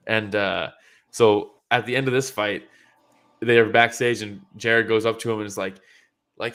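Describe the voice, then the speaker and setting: A man co-hosting a casual fight breakdown podcast, talking excitedly, laughing often and acting out what fighters said. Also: lowish voice. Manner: excited, laughing, acts out quotes, swears casually. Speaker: podcast co-host.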